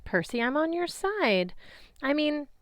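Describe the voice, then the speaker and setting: A woman voicing a vain, gushing goddess of love who draws out her words in a breathy, swooning way, in an audiobook reading. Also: high-pitched, very animated, a little slow, no echo, studio quality, pitched above the performer's own voice.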